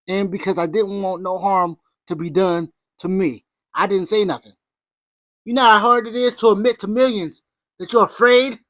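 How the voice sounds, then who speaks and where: A woman's voice: medium pitch, fairly bright tone, dry recording. A woman hosting an opinionated commentary video, talking with sarcasm and sudden emphatic outbursts. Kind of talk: opinionated commentary over clips.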